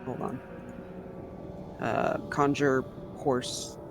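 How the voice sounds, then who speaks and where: A woman's voice: rumbling low, level tone, drawn-out words, music in the background. A woman playing a tabletop game, chatting casually and checking rules aloud. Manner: casual, unsure about rules. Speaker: player.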